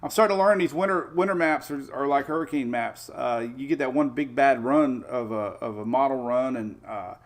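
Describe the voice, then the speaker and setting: A man hosting a casual live weather show, chatting in a rambling way with excitable asides while looking over the maps. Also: medium pitch, normal speed, few pauses.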